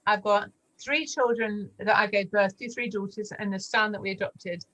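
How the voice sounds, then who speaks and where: A guest in her forties shares her testimony casually and animatedly, acting out every voice and leaping up high for the quoted lines. Her voice sits at an ordinary middle pitch at a moderate pace. The audio quality is poor.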